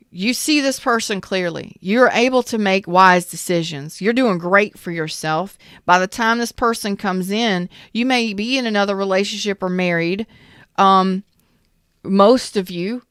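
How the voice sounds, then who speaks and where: Smooth-voiced woman giving a tarot reading. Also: medium pitch, fairly bright tone, no echo, clean studio sound. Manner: chatty, repeats questions, frequent restarts. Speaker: tarot reader. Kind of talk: casual spoken tarot reading.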